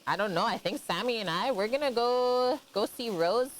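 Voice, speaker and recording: A woman's voice: on the high side, animated, normal speed, slight background noise. A woman from Canada chatting casually on a live cooking stream, greeting and thanking viewers by name and laughing often.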